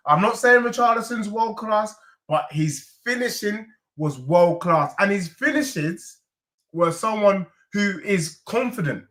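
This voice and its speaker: A man talks through a live football reaction stream, animated and emphatic. His voice sits high and sounds bright and forceful. He leans on slang and hits his points hard. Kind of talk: casual live reaction chat.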